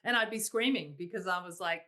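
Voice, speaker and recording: A woman, a singer-songwriter guest telling her stories in a casual interview, animated and laughing, quoting herself in exclaimed asides. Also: on the low side, fairly quick. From Australia.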